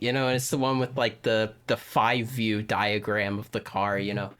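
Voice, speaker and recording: A man's voice: fairly low pitch, little pitch movement, moderate pace, a bit bright, smooth. A man co-hosting a podcast who tells a long, rambling anecdote in casual chat, full of "you know" and restarts. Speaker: podcast co-host telling a story.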